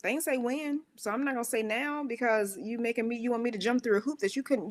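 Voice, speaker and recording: A woman's voice: quick pace, hardly any pauses. A woman giving a spiritual motivational talk in a conversational, emphatic way, with rhetorical questions and playful voices for her own inner thoughts. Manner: animated, acts out her own inner voices with squeaky high bits. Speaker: speaker of a worship center.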